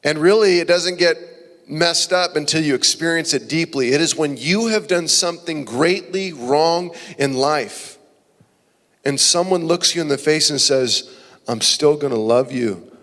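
A male pastor preaching a passionate sermon, swinging between loud emphasis and hushed, near-whispered phrases. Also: on the high side, a little slow. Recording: long reverb of a large hall.

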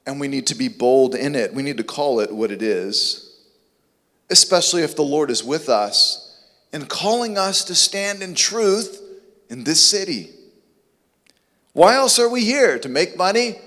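A man's voice: fairly high pitch, animated, measured pace, pushed and bright, long reverb tail. A man preaching a sermon with emphatic, rhetorical questions. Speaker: pastor.

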